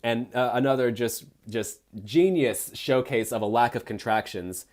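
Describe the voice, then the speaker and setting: A man's voice: mid-range voice, normal speed, darkish tone. Sarcastic man critiquing a bad book. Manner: sarcastic, exasperated, frequent fillers and restarts. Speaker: host reading a book aloud. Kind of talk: live-stream book critique.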